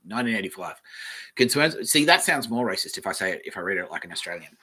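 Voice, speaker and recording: Guy hosting a solo podcast, kinda low and punchy, reads stuff off the web, rambles and swears. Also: big pitch swings, fast talker, pushed and bright, slightly rough. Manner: rambling, thinks aloud, swears. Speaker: podcast host. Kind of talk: casual solo podcast reading aloud from the web.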